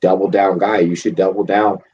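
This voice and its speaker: A man hosting a casual late-night live stream, drinking and telling rambling, profane, animated stories. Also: deep voice, normal speed, husky. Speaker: podcast host. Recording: dull lo-fi stream audio.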